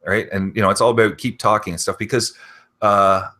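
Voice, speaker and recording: A man's voice: on the low side, fairly even intonation, brisk, bright, forceful tone. A man talking in a rambling casual conversation, full of fillers like "you know" and "okay".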